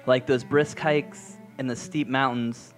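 A man's voice: medium pitch, fairly even intonation, measured pace, soft background music. A man co-hosting a podcast, reading a scripted beer promo at an easy pace. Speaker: podcast co-host.

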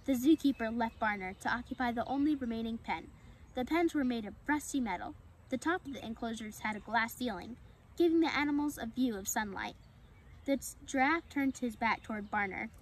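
A woman reads a children's animal story aloud in a clear, steady way. Her voice sits a little on the high side. She keeps an even storytelling flow. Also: brisk, a little hiss or hum, low-quality recording. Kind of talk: storybook read-aloud narration.

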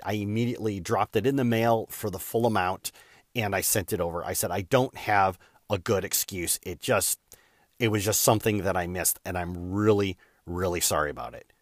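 A man's voice: on the low side, no echo, studio quality. A man hosting a show, telling a casual story in a rambling, self-deprecating way with lots of fillers. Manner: rambling, frequent fillers and "da, da, da" asides.

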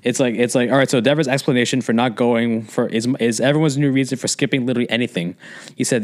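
Quick rambling man on a podcast. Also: mid-range voice. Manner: rambling, filler-heavy storytelling. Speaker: podcast co-host. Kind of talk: casual podcast chat.

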